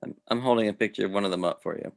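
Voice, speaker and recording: Low-voiced man chatting on a call. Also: rapid-fire, gravelly. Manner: rambling, many restarts and fillers. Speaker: host. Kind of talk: casual video-call chat.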